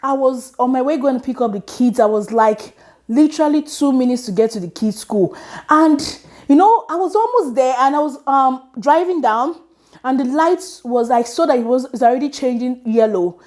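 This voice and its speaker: A lively woman in her thirties with a Nigerian English accent, talking to her viewers in a loose, chatty storytelling way. She speaks in a fairly high voice and often laughs at herself. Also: normal speed. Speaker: vlogger. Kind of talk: casual storytelling to camera.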